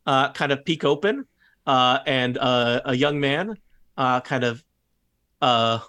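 A man's voice: mid-range voice, slow pace, bright, forceful tone, clear, resonant tone. A man narrating as game master of a tabletop game, hesitant and full of fillers. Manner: hesitant, many fillers and restarts.

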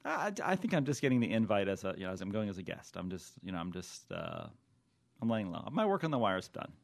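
A man co-hosting a podcast in casual chat, joking and halting, with many fillers and restarts. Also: lowish voice, big pitch swings, gravelly. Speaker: podcast co-host.

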